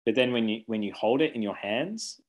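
A man's voice: medium pitch, animated, a little fast, rough recording. A man, a children's book author chatting casually in an interview, rambling and self-correcting, laughing easily.

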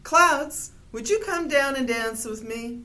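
A woman's voice: on the low side, a little slow. Woman voicing an eager, wistful young bear. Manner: eager, excitable calls.

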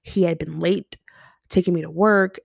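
A young woman speaks into a home podcast mic with no script, blunt and emotional, swearing as she goes. Her voice sits low with a gravelly fry. The sound is dry and close. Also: steady tone, normal speed, dry recording. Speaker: podcast host. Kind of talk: unscripted personal monologue.

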